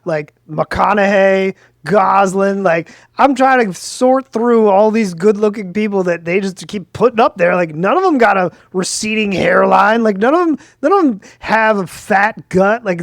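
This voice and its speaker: A man with a notably high voice chats loosely on a podcast, piling up fillers as he goes. The sound is dry and close, with no room around it. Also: moderate pace, vocal fry, hardly any pauses, no echo. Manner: animated, rambling, lots of "like". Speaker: podcast co-host, lawyer. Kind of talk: casual chat.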